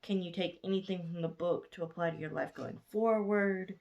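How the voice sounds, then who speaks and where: Sleepy southern girl in her 20s rambling about a book she loved, kinda low voice, keeps correcting herself. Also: normal speed, vocal fry, a little mellow, lo-fi sound. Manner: rambling, chatty, gushing, with frequent self-corrections. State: sleepy, yawning late at night. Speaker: book reviewer. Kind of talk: casual book review vlog.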